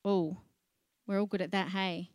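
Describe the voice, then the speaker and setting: A middle-aged woman pastor, preaching a sermon in a chatty, lively way and laughing between points. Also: fairly low pitch, a little slow, dry recording.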